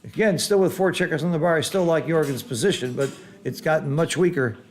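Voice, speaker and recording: Brief: man, game commentator, slightly high voice, excitable, teacher's patient explanations. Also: brisk. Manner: excitable, exclaims loudly at big rolls, then explains calmly.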